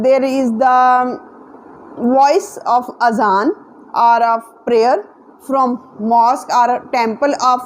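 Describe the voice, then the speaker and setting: A woman's voice: sits high, darkish tone, slight background noise. A woman giving a spoken lesson in an earnest, repetitive way, spelling words out letter by letter. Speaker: English teacher. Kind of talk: spoken English lesson to camera.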